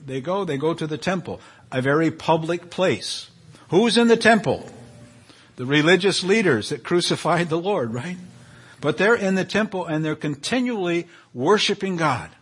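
A man's voice: on the high side, husky. A male pastor preaching a sermon in a conversational way, reading scripture aloud and rising in intensity as he reads.

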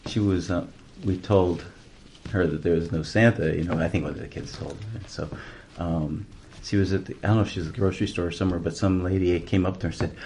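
Man, very low voice, leading a Bible study, chatty storyteller, noisy recording. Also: fairly even intonation, quick pace, darkish tone. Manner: chatty, storytelling, laughs easily. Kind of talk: casual group Bible study. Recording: noisy amateur room recording.

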